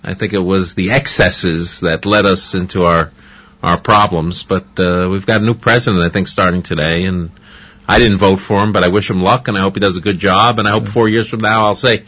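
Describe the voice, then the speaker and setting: A man speaking as a guest on a radio show, giving measured opinions with some fillers. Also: low-pitched, fairly even intonation, husky. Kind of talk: casual radio interview. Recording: dull radio audio.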